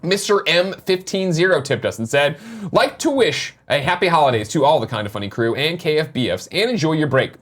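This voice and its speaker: A man's voice: on the high side, animated, fairly quick, a bit bright. A man co-hosting a casual morning show, reading viewer tips aloud and joking around with loose swearing. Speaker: podcast co-host.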